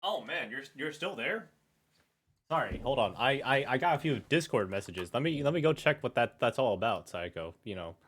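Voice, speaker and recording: A man's voice: medium pitch, animated, a little fast, hardly any pauses, fairly bright tone. Stammering young male game streamer. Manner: rambling, stammering, self-mocking. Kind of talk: casual live game commentary.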